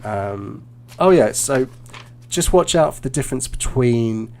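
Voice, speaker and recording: A man with a gravelly, creaky voice gives a student feedback during a live online lesson. He is relaxed and encouraging and often pauses, restarts and fills gaps with "um" as he explains. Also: mid-range voice. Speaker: IELTS teacher and examiner. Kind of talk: live-streamed feedback after a mock speaking test.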